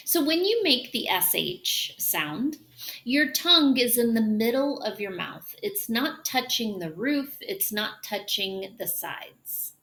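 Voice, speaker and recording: A woman teaching English pronunciation, demonstrating sounds slowly and drawing out hushing noises. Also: a little high, very animated. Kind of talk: pronunciation lesson.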